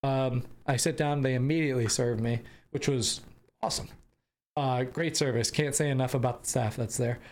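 A man's voice: medium pitch, fairly even intonation, normal speed, darkish tone. A young American man hosting a podcast, telling a travel story casually with rambling restarts and bursts of laughter. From United States. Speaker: podcast host.

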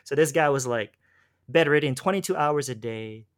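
Man, casual storytelling, rambling with restarts, slangy, mid-pitched voice. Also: animated, moderate pace. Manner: rambling, restarts, says "dude" and "bro". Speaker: guest telling his faith story.

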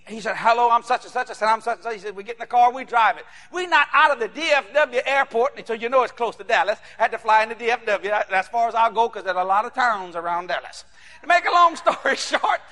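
A male preacher from New Orleans delivers a sermon in a high, piercing voice, shouting and acting out every character. His bright, forceful tone rings through a hall with a long echo. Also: fast talker. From New Orleans, Louisiana. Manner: animated, shouting, acts out voices. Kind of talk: sermon storytelling.

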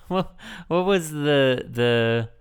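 A man's voice: fairly high pitch, drawn-out words, clean tone. A man co-hosting a podcast, recapping a movie in casual, rambling, joking chat and laughing often. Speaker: podcast co-host.

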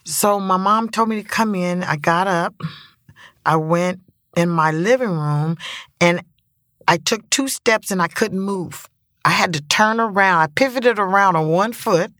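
Brief: middle-aged mother and activist, vivid storyteller, lower voice, unhurried. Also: fairly bright tone, dry recording, studio quality. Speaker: grieving mother turned activist. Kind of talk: personal testimony in interview.

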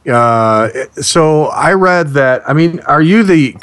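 A man's voice: a little high, lively intonation, slow, a bit bright, clean tone. A man hosting a radio talk show, joking and playful with his co-host and guest. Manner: jokey, playful, laughs often. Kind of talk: casual radio interview.

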